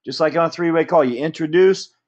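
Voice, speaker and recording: A man giving a motivational business training talk, energetic and checking in with "okay?" and "right?" after nearly every point. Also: on the high side, fairly quick, muffled recording.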